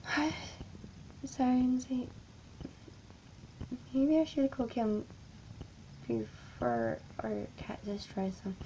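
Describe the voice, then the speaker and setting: A woman tells a horror story in the first person, halting and frightened, slipping into whispers. Her voice sits a little high but mellow and dark in tone. She speaks very slowly, with a faint hiss of noise behind her. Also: wildly swooping pitch, rough recording.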